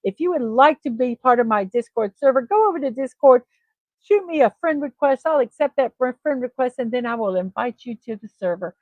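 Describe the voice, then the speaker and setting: A woman's voice: a little high, expressive, fairly quick, no room sound, phone-quality sound. A woman hosting her own morning livestream, chatting in a friendly way with many ums and uhs. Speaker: livestream host. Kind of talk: casual livestream chat.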